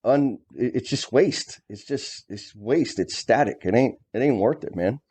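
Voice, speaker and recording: Middle-aged man, co-host; mellow, blunt storyteller with a casual, cursing edge. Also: medium pitch, animated, a little slow, breathy edge. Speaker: co-host, former plumbing superintendent. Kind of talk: casual conversation.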